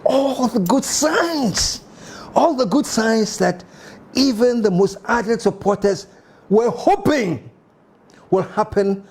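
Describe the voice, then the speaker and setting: A man with a Ghanaian English accent hosting a political commentary show, emphatic and animated with mocking asides. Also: high voice, takes it slowly, husky.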